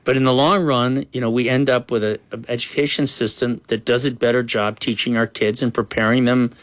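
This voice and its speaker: A man's voice: medium pitch, steady tone, brisk, no room sound. A man as a political guest, answering in a frank, earnest conversational way and often saying "you know".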